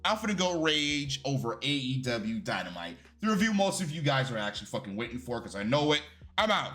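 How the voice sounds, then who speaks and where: A man's voice: medium pitch, big pitch swings, a little fast, over music. A man giving a casual, profane and opinionated review of a wrestling show for his channel.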